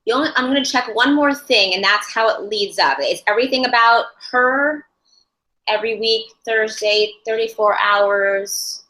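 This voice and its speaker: A woman with a bright, slightly high voice leads a class, thinking aloud and often restarting her sentences. The room is echoey. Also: normal speed. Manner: thoughtful, searching for words, many restarts. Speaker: ASL interpreting instructor. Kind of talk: teaching a live class.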